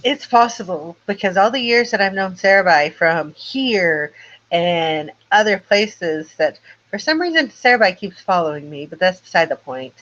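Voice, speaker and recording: A man co-commentating on a wrestling match with short reactions and relaxed asides. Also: high voice, normal speed, lo-fi sound.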